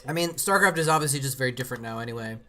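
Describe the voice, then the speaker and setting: A man chats loosely over a replay on his live stream, circling his points with fillers and restarts. His voice sits at an ordinary middle pitch. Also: expressive, racing, pushed and bright. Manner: rambling, with many fillers and restarts. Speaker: streamer watching and commenting on old game matches. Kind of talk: casual live-stream commentary.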